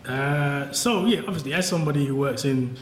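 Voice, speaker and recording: Guy talking fast, wry and laughy, echoey room. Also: fairly high pitch, a little hiss or hum. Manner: candid, wry, laughs often. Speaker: professor and author. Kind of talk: conversational talk at a book event. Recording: roomy event-hall sound.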